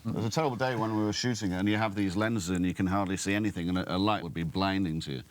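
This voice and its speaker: A male actor guest telling an animated story about filming. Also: sits low, racing. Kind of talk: anecdotal interview answers.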